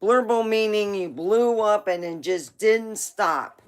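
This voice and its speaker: On her livestream, this woman tells meandering family stories in an easygoing way, often laughing and sometimes cursing. She speaks slowly in a smooth, mid-range voice.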